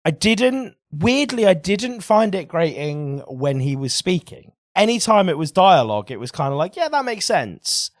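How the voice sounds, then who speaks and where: A man co-hosting a podcast in casual chat, giving frank opinions with quick hedging asides. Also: a little high, lively intonation, dry recording, clean studio sound. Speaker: podcast co-host.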